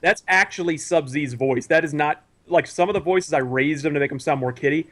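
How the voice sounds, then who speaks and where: A man guesting on a casual podcast over a video call, telling stories in a rambling, animated way with lots of restarts. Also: fairly high pitch, fairly quick. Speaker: guest, cartoon creator.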